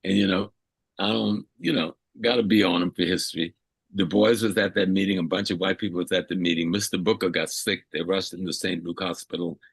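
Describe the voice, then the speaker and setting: An older man from South Carolina speaks in a low, husky voice. He lectures like an elder in an interview, repeating key phrases to drive them home. The sound is dry and close, with no room around it. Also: steady tone, a little fast, no echo. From South Carolina, USA. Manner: emphatic, repeats phrases for weight. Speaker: elder guest.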